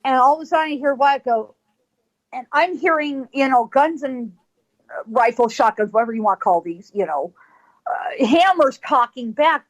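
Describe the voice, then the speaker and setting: A woman from California, a psychic guest on a radio show, telling a story with lively quoted voices and frequent laughs. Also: high voice, normal speed, rough recording.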